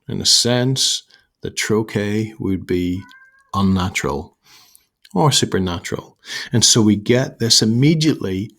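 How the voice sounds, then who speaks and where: A man teaching a literature lesson, explaining the text step by step with a croaky voice and frequent restarts. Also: on the low side. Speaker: English teacher. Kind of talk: recorded lesson explaining a play.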